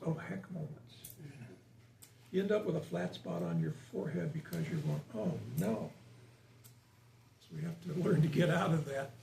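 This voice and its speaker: A man's voice: high voice, vocal fry, dark tone. A man giving an informal spiritual talk to a small live audience, chatting and asking them questions. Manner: conversational, asks the audience questions. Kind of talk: informal sermon to a small group. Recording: roomy, distant mic, faint hiss.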